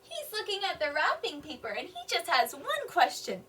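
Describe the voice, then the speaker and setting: Bright, singsong kindergarten teacher reading aloud. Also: female voice, extremely high pitch, wildly swooping pitch, a little hiss or hum. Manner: slow, deliberate, explains each sentence simply. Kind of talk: reading a picture book aloud to young children. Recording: voice a bit distant from the mic.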